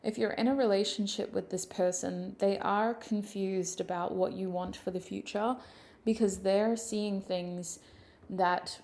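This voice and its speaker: Soft-spoken woman reading tarot, gravelly and dark. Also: mid-range voice. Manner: emotional, close to tears. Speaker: tarot reader.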